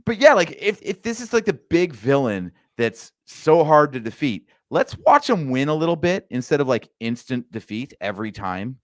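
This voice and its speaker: A man of middling pitch giving opinionated takes in a casual film review chat, laying out what-if scenarios to make his case. The sound is close and dry, with no room around it. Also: very animated, moderate pace, hardly any pauses, no room sound. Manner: opinionated, argues points with hypotheticals. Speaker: podcast co-host.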